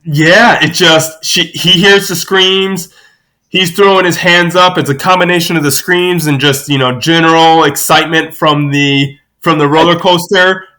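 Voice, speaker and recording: A man guest on a podcast, telling a family anecdote in a lively, animated way. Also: normal speed. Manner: lively storyteller, acts out quoted voices with big pitch jumps.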